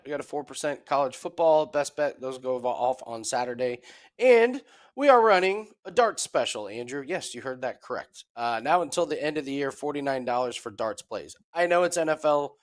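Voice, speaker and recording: Matter-of-fact man pitching betting specials. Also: lively intonation, moderate pace. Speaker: sports betting handicapper. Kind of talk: promotional pitch.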